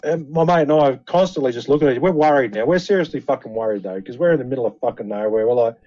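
A man's voice: medium pitch, fast talker, dark tone, dull audio. A man telling a story in casual banter, swearing heavily. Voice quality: heavy swearing, laid-back.

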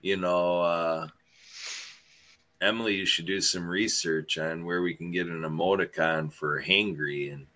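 A man's voice: low voice, fairly even intonation, measured pace, bright, forceful tone. A man in a casual chat, joking in a dry, facetious way with hesitations.

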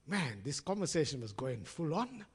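A man's voice: on the high side, big pitch swings, normal speed, slightly rough. A man preaching a sermon to his congregation, chatty and storytelling, calling them friends and acting out the voices of people in his stories. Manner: conversational, addresses congregation as friends; acts out quoted voices in storytelling. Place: church hall. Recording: long reverb in a large hall.

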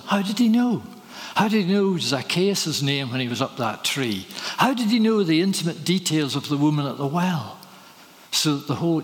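A man preaching a sermon, telling stories and asking rhetorical questions. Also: on the high side. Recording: reverberant hall.

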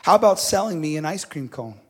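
A man's voice: a little high, lively intonation, brisk, slightly rough. A man voicing a friendly, breezy traveling salesman in a read-aloud story.

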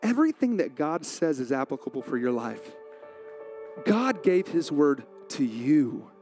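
A man pastor preaching a sermon in a conversational, animated way, acting out quotes from the story. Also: a little high, measured pace, soft background music.

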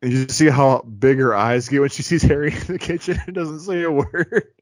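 A man's voice: mid-range voice, steady tone, moderate pace, no room sound. A man chatting casually and enthusiastically about a film as a podcast co-host, joking as he goes. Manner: enthusiastic, joking, imitates characters.

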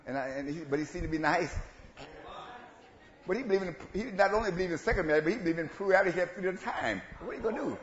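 A man preaching an animated sermon, swinging between hushed asides and loud calls to the congregation. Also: slight background noise. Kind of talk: call-and-response sermon. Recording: roomy, dull low-fi church recording with faint ambience.

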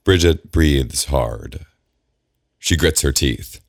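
A male narrator reads fiction in a steady, measured way. His voice is extremely deep and unhurried. The close-miked sound is dry with no room echo. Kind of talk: audiobook narration.

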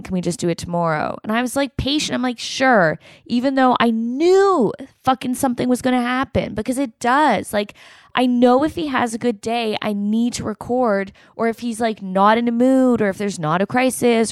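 Venting solo on her podcast after a call, a woman swears frequently and tosses in fast asides quoting others. Her slightly high voice is clear and resonant, with no room sound.

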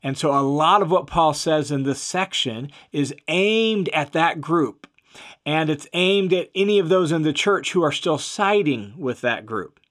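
A man giving an explanatory Bible lesson in a conversational, steady way, with frequent fillers and restarts and stress on key words. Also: a little high, a little slow. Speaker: Bible teacher.

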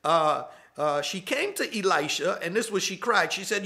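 A man's voice: high voice, animated, normal speed, vocal fry, bright, forceful tone. A man in his thirties preaching a sermon in a conversational way, repeating key lines and laughing now and then. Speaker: pastor.

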